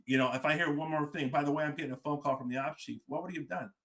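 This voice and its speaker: A man's voice: on the high side, rapid-fire. Man telling a firehouse story. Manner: animated storyteller acting out dialogue. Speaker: fire service leader, guest. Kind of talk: storytelling on a podcast.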